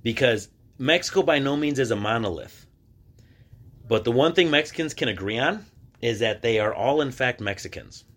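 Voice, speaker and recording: A man's voice: medium pitch, expressive, moderate pace, a bit bright. Man telling stories in a casual podcast. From United States. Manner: conversational storytelling, acting out quoted voices; frequent restarts and filler words. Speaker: podcast host. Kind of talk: casual solo podcast monologue.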